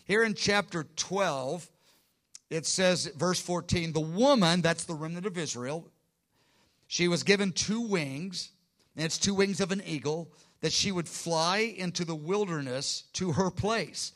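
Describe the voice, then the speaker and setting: High-voiced earnest male preacher. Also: unhurried, fairly bright tone. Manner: earnest, emphatic, with frequent restarts and acted quotes. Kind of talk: sermon teaching.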